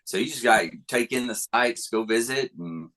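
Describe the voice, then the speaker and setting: A man's voice: mid-range voice, lively intonation, moderate pace, bright, forceful tone, a little hiss or hum. A man interviewing a veteran, speaking casually and encouraging him with short affirmations.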